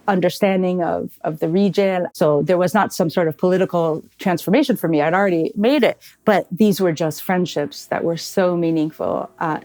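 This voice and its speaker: A woman's voice: lowish voice, no echo. A middle-aged woman, a nonprofit head, telling stories in a podcast interview and acting out the voices of people she quotes, laughing now and then. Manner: animated storyteller who acts out quoted voices with laughter. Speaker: nonprofit CEO, guest. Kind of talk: conversational interview storytelling.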